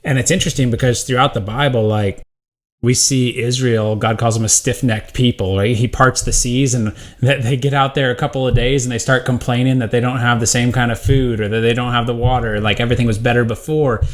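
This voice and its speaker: A man co-hosting a podcast, steady and reflective as he leads into a question. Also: mid-range voice, fairly quick. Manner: reflective, steady, draws on scripture. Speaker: podcast co-host. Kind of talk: casual discussion.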